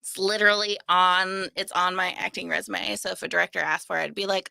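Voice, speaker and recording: Bright, gravelly-edged chatty woman. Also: fairly low pitch, fairly quick, hardly any pauses, no echo. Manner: animated, giggly storyteller. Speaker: show co-host. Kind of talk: casual live-chat banter.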